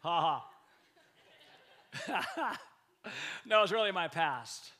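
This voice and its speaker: A male pastor preaching with energy, his voice bright and forceful and fairly high. He restarts and repeats words, then punches key lines with sudden loud emphasis. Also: wildly swooping pitch, extremely slow. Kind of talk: lively sermon.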